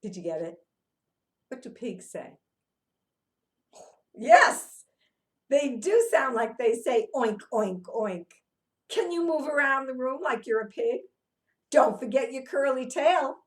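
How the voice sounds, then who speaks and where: A woman leads young children through a picture book, asking questions and coaxing them to move along. Her voice sits a bit high and her delivery is slow and unhurried. She breaks into sing-song chants and drops to a softer, hushed tone when she guides them. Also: animated. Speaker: children's movement teacher. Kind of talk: interactive read-aloud for young children.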